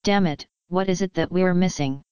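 A curt male commander, strained and short with his words, as a woman reads him in a storybook. The tone is lowish and very clear. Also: moderate pace, a little mellow, no echo, lo-fi sound, lightly acted. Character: tense male commander awaiting rescue.

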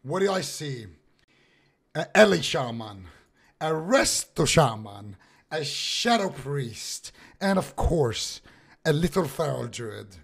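A man's voice: fairly high pitch, animated, unhurried, creaky, breathy edge. A man narrating a gaming montage in a hyped, sarcastic, showman-like announcer style. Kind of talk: mock-dramatic announcer narration.

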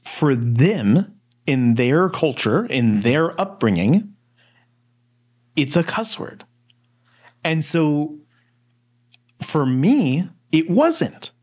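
A man co-hosting a Bible study podcast, talking in a casual, rambling way with lots of fillers. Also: a little high. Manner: relaxed, rambling storyteller with many fillers. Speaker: podcast co-host.

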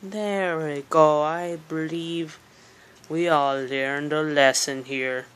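A woman's voice: low-pitched, fairly even intonation, takes it slowly, clear, resonant tone. A woman voicing a smug male doctor interviewer with a pink mustache, pompous and falsely soothing in a comedic parody. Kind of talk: comedic parody role-play.

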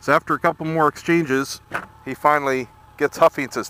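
A middle-aged man telling a story on a casual vlog while riding a motorcycle through town traffic, irritated but measured. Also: fairly high pitch, bright, forceful tone. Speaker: motovlogger.

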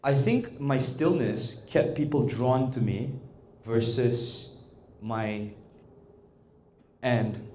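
A man leading an interactive workshop, talking in an animated, coaxing way and often checking in with the audience. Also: medium pitch, takes it slowly, slight background noise. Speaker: workshop trainer. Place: indoor workshop room. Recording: echoey room with faint ambience.

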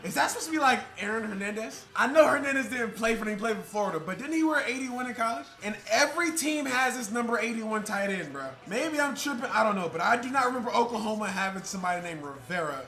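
Excitable young man commentating a football video game. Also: sits high, quick pace, hardly any pauses. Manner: excitable, swears, trash talk. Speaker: gaming YouTuber. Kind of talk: casual gameplay commentary. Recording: roomy echo with loud game music.

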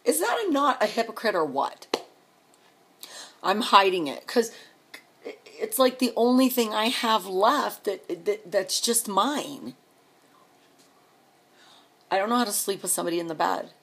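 A woman's voice: mid-range voice, big pitch swings, measured pace, long pauses, husky. A middle-aged woman venting to camera in a rambling, exasperated, sarcastic rant. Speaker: vlogger.

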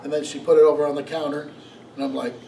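A middle-aged man preaching a sermon as pastor, telling stories in an animated way and asking the congregation questions. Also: on the high side, fast talker, vocal fry, a little hiss or hum. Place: church sanctuary. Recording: echoey room, mic from a distance.

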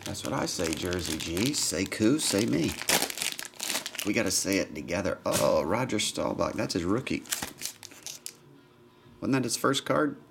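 A man's voice: deep voice, animated, moderate pace, creaky. A man hosting a live card break in casual chat, tired and yawning, reading off players' names as he opens packs. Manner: chatty, reads names off cards, yawning. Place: indoor room at a camera. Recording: noisy stream recording.

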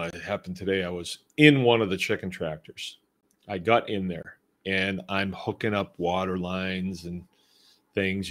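A middle-aged man hosting a homesteading show, talking in a relaxed, rambling, conversational way as he reads out and answers listener comments. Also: deep voice. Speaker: homestead podcast host. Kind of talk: casual live-show talk reading listener comments.

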